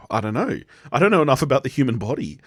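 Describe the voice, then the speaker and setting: Australian man, casual podcast chat, lively up-and-down pitch, dry close sound, rambling and laughing. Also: husky, no room sound. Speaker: podcast co-host. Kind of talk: casual chat recapping a sitcom episode.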